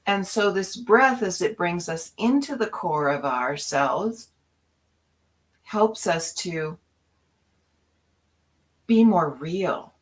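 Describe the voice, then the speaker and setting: A woman co-hosting a spiritual talk show, speaking in an inspirational, animated storytelling way. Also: fairly low pitch, takes it slowly, long pauses, low-quality recording. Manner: animated storyteller acting out her own past voices.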